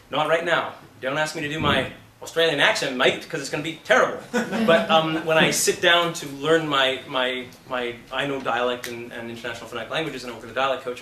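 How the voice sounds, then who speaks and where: A man leads his acting class in casual, emphatic talk, blunt and quick to swear. His voice is bright and forceful. It is picked up from a distance in an echoing classroom. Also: mid-range voice, a little hiss or hum. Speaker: acting teacher. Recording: roomy, from a distance.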